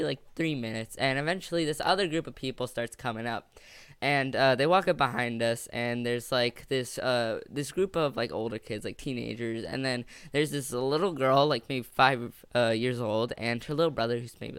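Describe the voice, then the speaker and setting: A man's voice: mid-range voice, normal speed, a bit bright, clear, resonant tone, no echo. A young man casually narrating a funny storytime, rambling and jokey with lots of filler words.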